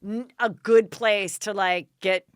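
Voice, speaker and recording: A woman's voice: mid-range voice, steady tone, takes it slowly, no echo, studio quality. A woman hosting a podcast, chatting casually and asking a guest gossipy, probing questions. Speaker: podcast host. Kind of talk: casual interview chat.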